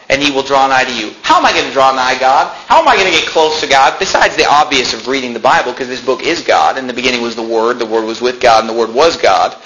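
A man preaching a sermon as pastor, emphatic, swinging between loud peaks and quiet drops. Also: medium pitch, a little hiss or hum, low-quality recording.

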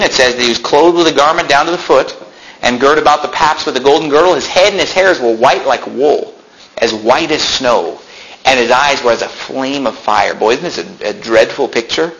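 Bright-voiced man preaching a sermon. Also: medium pitch, normal speed, a little hiss or hum, low-quality recording. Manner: explains scripture with rhetorical questions and asides. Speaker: pastor. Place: church.

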